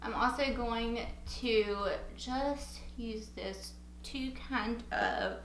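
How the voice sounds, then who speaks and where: Bubbly young woman vlogger, bright voice. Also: fairly high pitch, drawn-out words, roomy sound, a little hiss or hum, rough recording. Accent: Southern US. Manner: bubbly, chatty, laughs at herself. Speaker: beauty vlogger. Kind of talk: casual makeup tutorial chat.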